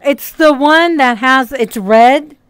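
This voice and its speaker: This woman, a streamer and hypnotist, speaks slowly in a high, clear, resonant voice with no room sound. She chats and rambles casually on a livestream in a virtual reality social world, swearing a little, her mixed accent hard to place.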